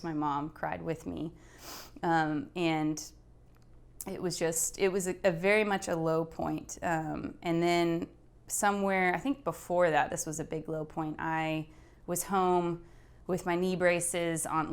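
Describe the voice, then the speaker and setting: A young woman telling her own story of illness in an emotional, halting way, stopping to search for words and tearful at moments. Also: sits low, level tone, creaky, clear, resonant tone. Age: young adult. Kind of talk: emotional personal testimony.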